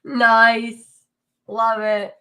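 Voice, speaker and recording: A woman's voice: fairly high pitch, level tone, extremely slow, pushed and bright, clear, resonant tone. A woman chatting as co-host, teasing and chiming in with short remarks. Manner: laughing, teasing interjections. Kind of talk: casual chat.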